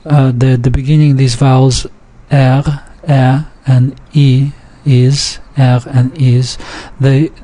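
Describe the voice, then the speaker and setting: A man teaching a recorded language lesson, reading example words aloud and explaining the rules deliberately. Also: mid-range voice, level tone, warm tone.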